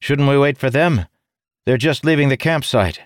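A man voicing an anxious young male illusionist who shouts urgently. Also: mid-range voice, moderate pace, dry recording, clean studio sound, voice pushed up, lightly acted.

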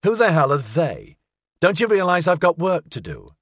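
A male narrator giving voice to a proud woman scientist, defiant and sharp-tongued but badly rattled, in an audiobook. The voice is lifted higher than the narrator's own, with lively pitch, and the recording is close and dry. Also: moderate pace, slightly rough, no room sound, exaggerated voice. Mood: indignant. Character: indignant woman scientist under pressure.

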